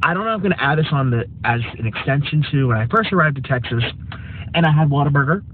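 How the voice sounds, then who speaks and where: A man's voice: a little high, lively intonation, fast, husky, narrow, tinny audio. Campy, chatty man vlogging from his car. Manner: chatty and campy, with mock-haughty jabs at viewers. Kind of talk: casual car vlog. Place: parked car in a drive-thru line. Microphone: phone camera.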